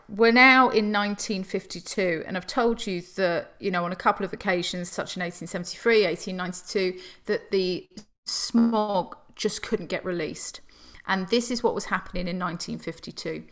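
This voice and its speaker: A woman's voice: mid-range voice, a bit bright. A woman tour guide, telling a history story in casual chat and breaking into giggles.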